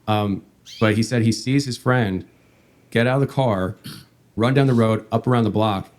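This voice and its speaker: A man hosting a podcast, telling a long story in a meandering, halting way. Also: on the low side, darkish tone. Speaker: podcast host.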